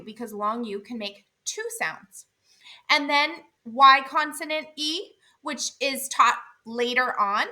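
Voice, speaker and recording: Female phonics teacher, higher-pitched and bright, clear and deliberate delivery. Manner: clear, deliberate, sounds out letters. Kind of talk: instructional explanation.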